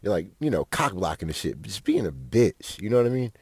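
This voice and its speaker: A man's voice: sits low, sing-song, fairly quick, a little mellow, husky, no echo, studio quality. A young man, a podcast host telling a rambling, profane story with lots of fillers. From Fort Worth, Texas. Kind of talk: casual storytelling monologue.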